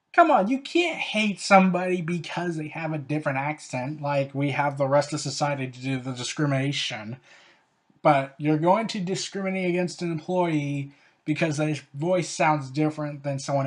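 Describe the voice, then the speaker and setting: A show host giving a casual spoken review, rambling and opinionated, with frequent "like" fillers and sarcastic, ranting asides. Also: medium pitch.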